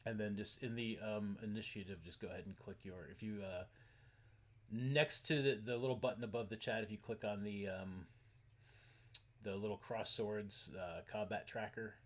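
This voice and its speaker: A man acts as game master for an online tabletop game, explaining the rules in halting, rambling sentences packed with fillers. His voice is lowish and his intonation fairly even.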